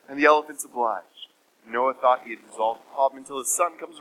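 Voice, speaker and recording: A man preaching a sermon, retelling a scripture story in a measured, emphatic way. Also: medium pitch, fairly even intonation, a bit bright, low-quality recording.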